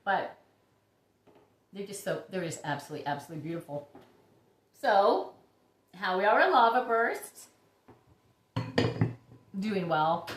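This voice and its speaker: A woman hosting a casual vlog about her orchids, chatty and gushing with breathy exclamations. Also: medium pitch, expressive, measured pace, pauses often, slight background noise. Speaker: orchid YouTuber. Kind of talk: casual show-and-tell vlog. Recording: echoey room.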